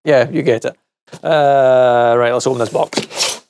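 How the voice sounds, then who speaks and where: A man's voice: medium pitch, fairly even intonation, a little slow, a little mellow, clear, resonant tone, no echo, clean studio sound. A man reviewing tech in a casual teardown vlog, rambling and correcting himself with wry asides. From United Kingdom.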